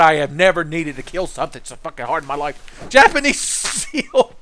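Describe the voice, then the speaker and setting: A man's voice: on the high side, very animated, moderate pace, sharp tone. Rambling, profane young male gamer. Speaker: streamer. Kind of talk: casual gameplay commentary.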